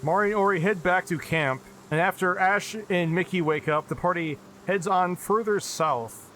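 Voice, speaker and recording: A man narrating as game master of a tabletop game, with even descriptions and dry asides. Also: high voice, normal speed, a little hiss or hum.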